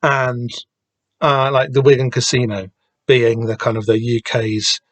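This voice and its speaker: A podcast host discusses a comic in a mid-range, level, unhurried voice. His talk is casual and rambling, with many restarts and the occasional swear word.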